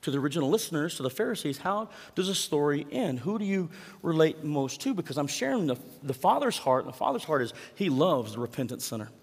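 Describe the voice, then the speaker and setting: A man's voice: a little high, big pitch swings, fast, long reverb tail. A man preaching a sermon in a conversational way, asking the congregation rhetorical questions. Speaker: pastor.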